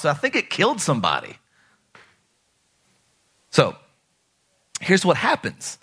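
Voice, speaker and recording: A man preaching a sermon in a conversational, animated way, swinging between loud emphatic lines and hushed ones. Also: high voice, unhurried, long pauses. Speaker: pastor.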